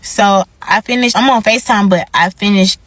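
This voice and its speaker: A woman's voice: medium pitch, moderate pace. A young woman telling a storytime rant, acting out what people said. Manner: animated, acts out dialogue. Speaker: vlogger.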